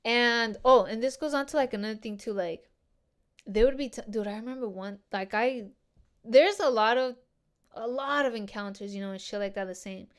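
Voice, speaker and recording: A young woman hosting a casual solo podcast, talking in a slangy, animated way and swearing a lot. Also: a little high, moderate pace, smooth. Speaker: podcast host.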